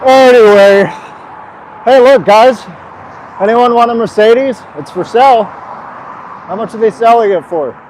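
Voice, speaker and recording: Young man, high voice, slow drawl, hyper and swearing, walking by a road, faint traffic. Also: a little mellow, rough recording. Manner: hyper, swearing, laughing, joking with chat. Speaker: vlogger streaming a long walk. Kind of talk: casual live-stream chat while walking. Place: outdoors by a busy road. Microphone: streaming mic carried while walking. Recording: faint street traffic noise. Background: traffic noise.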